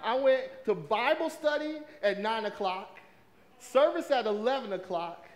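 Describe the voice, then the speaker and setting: A man delivers a sermon. His voice sits high for a man. He talks in a loose, conversational way and keeps asking the congregation questions. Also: a little slow. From American South. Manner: lively, conversational preaching with crowd prompts. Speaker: pastor.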